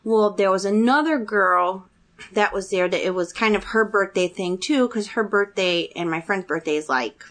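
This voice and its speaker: A woman in her thirties tells a personal story in casual chat. She sounds chatty and animated, and her voice jumps up whenever she acts out what someone said. Her pitch sits in the middle for a woman. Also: moderate pace. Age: 30s.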